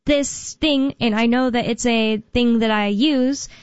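A young woman co-hosts a call-in radio show in a fairly high voice, rambling through her thoughts with fillers and restarts. The studio sound is dry and close, a little dull on top. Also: steady tone, measured pace, smooth, no room sound. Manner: rambling, filler-heavy, self-correcting. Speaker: radio co-host. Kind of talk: casual talk radio chat.

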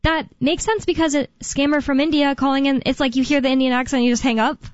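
A woman's voice: high voice, fairly even intonation, quick pace, no echo. A woman co-hosting a talk radio show, chatting casually and rambling with lots of fillers. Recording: dull lo-fi radio broadcast sound.

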